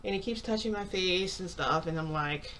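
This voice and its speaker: A woman's voice: lowish voice, moderate pace, a bit bright, a little hiss or hum. A young woman vlogger retelling a story to her viewers in a chatty, rambling way, quoting what people said. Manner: chatty, filler-heavy retelling with quoted dialogue.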